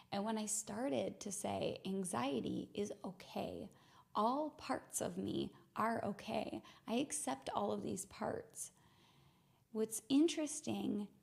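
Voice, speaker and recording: Woman, young adult, podcast host, earnest, reflective storytelling, gravelly voice, mid-pitched. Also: a little mellow. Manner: earnest, slows down to stress words.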